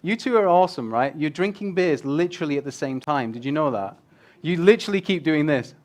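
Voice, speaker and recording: Male guest speaker, slightly high voice, lively and joking, casual with swearing. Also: brisk. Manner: animated, swears casually, jokes with the crowd. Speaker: guest speaker on user experience design. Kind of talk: casual presentation talk. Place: event room with a live audience.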